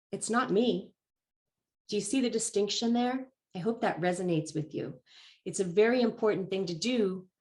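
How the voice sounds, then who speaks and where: A woman giving a talk as a life coach, calm and encouraging, slightly congested from allergies and clearing her throat now and then. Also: mid-range voice. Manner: calm, encouraging and measured, stressing key phrases. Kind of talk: presented talk.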